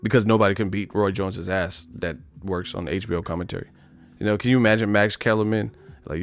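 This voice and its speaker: A man's voice: lowish voice, steady tone, fast talker, smooth. A man hosting a livestream, rambling profanely about boxing in casual talk, often laughing. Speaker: livestream host.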